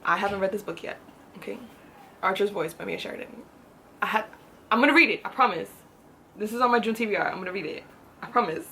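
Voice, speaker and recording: A woman's voice: mid-range voice, fast talker, gravelly, pauses often, bright, forceful tone, slight background noise. A woman talking casually in a book haul vlog, gushing and chatty, repeating herself for emphasis. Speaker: book vlogger.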